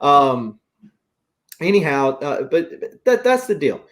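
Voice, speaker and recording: An opinionated man with a Southern US accent hosts a loose, chatty conversation. His voice sits a little higher than most men's. He speaks like someone airing a grievance. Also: big pitch swings, takes it slowly, fairly bright tone. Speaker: host. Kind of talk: casual chat.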